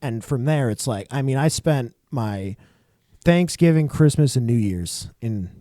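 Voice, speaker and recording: A man's voice: mid-range voice, lively intonation, a little slow, mellow, no room sound, clean studio sound. A man chatting on a podcast, telling an anecdote and cracking sarcastic jokes. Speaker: podcast co-host. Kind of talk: casual chat.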